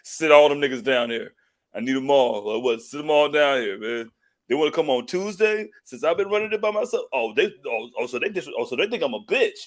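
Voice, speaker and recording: A man's voice: medium pitch, expressive, a little fast. A male podcast co-host in casual chat, joking in a mock-indignant way.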